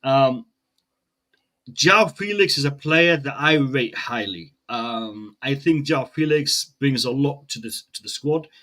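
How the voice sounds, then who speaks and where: A man from the UK, a guest on a live football fan show over a video call, talking in a relaxed way full of "you know" and "um". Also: mid-range voice, a little slow. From United Kingdom. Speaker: guest pundit. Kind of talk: casual fan-show chat.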